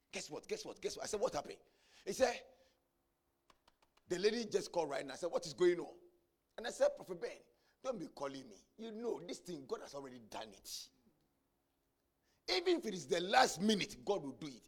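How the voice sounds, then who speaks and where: A man preaching a sermon, telling a story and building to shouted climaxes. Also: high-pitched, slightly rough. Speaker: pastor.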